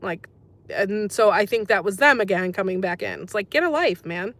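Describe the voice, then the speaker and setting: An American woman with a mid-range, expressive, slightly bright voice hosts a casual livestream at a moderate pace, with no echo. She chats sympathetically with viewers, reading their comments aloud and saying um a lot.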